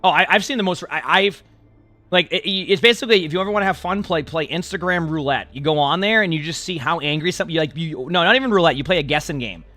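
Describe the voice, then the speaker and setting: A man streaming, chatting casually with his live chat in an animated, sarcastic, rambling way. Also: on the high side, quick pace, soft background music. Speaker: game streamer.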